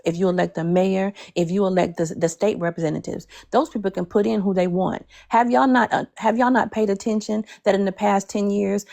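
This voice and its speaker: A woman speaking to a group on a call, measured and persuasive, with some hesitations. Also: mid-range voice, vocal fry, a little mellow. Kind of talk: speech to a group.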